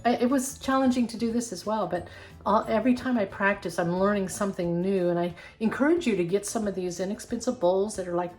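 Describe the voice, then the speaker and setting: A woman's voice: medium pitch, fairly quick, darkish tone, soft background music. Chatty older woman teaching a craft. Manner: chatty, self-deprecating, encouraging. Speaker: craft channel host. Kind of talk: casual craft tutorial.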